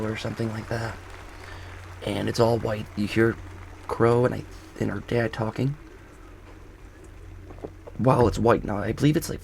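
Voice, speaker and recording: A man's voice: mid-range voice, creaky, darkish tone, a little hiss or hum. A man casually recapping a show episode outdoors, rambling and correcting himself as he goes. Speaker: video reviewer. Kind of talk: casual spoken review. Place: outdoors on a golf course.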